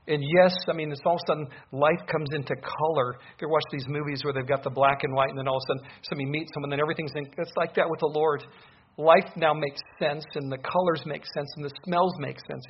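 A pastor delivers a verse-by-verse sermon in a mid-pitched male voice. He reads the scripture passages slowly, then explains them with rising emphasis. The recording sounds a little dull, with a faint hiss behind him.

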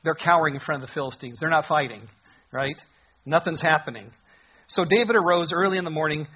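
A man preaching a sermon, with a husky, slightly high voice. He tells the story in an animated way and puts on voices for its characters. The recording sounds dull and lo-fi.

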